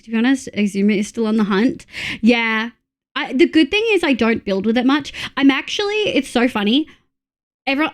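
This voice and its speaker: An Australian woman streaming live, chatting casually with viewers as she plays, counting aloud under her breath and swearing freely. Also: a little high. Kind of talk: casual live-stream chat while playing.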